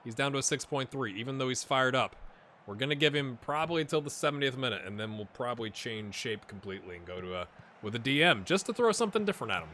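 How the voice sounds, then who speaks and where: Excitable man commentating his football game. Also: mid-range voice, fast talker, a little hiss or hum. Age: middle-aged. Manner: excitable, swings from mutters to shouts. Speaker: gaming YouTuber. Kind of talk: live gameplay commentary.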